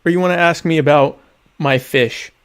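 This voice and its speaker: A young man with a slightly higher-pitched voice hosts a loose live-stream chat. He reads viewer comments aloud and answers them with dry, mock-grandiose sarcasm. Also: normal speed, clean tone. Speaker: podcast host.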